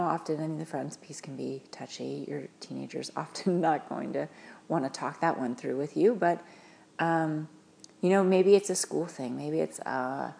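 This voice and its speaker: A woman giving parents earnest, gentle advice, talking with frequent fillers and restarts. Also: deep voice, vocal fry, slight background noise. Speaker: parenting advisor.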